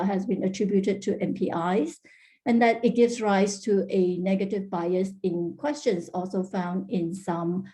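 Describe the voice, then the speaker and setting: A woman with a medium-pitched, dark voice presents linguistics research at an online workshop as an academic conference talk. She explains things carefully, often hesitating, restarting and saying "uh."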